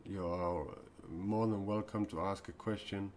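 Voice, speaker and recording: In an unscripted live-stream talk, a man who calls himself a mystic speaks earnestly and confessionally, regularly halting and beginning his sentences again. His voice is low and steady with a darkish tone, over a faint hiss or hum.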